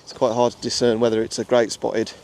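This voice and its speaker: A man's voice: medium pitch, level tone, brisk, gravelly, darkish tone, slight background noise. A young man with an English Midlands accent, chatting casually with many fillers and restarts as he films on a walk through a nature reserve. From England. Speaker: wildlife photographer. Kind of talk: casual vlog narration outdoors.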